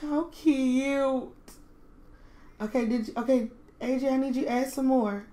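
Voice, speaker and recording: Woman, game commentator, unhurried and doting, voice sitting a bit high. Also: fairly even intonation, dark tone. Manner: doting, gushing over her toddlers. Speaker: game streamer. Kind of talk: casual gameplay commentary.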